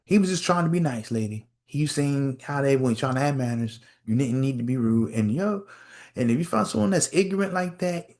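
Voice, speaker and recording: A male podcast host telling a story in a casual, animated rant, repeating phrases and acting out quotes. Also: mid-range voice, fairly quick. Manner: animated storytelling with lots of repetition and acted-out quotes.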